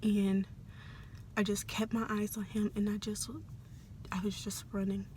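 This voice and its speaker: A young adult woman telling a personal story in a soft, hesitant, often half-whispered way, with many fillers. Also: medium pitch, flat delivery, measured pace, a little hiss or hum. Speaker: vlogger.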